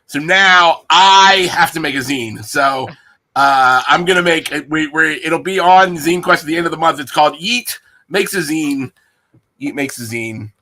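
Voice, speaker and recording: Bright, playful male host. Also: fairly high pitch, measured pace. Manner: playful, rambling and jokey. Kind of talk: casual livestream chat.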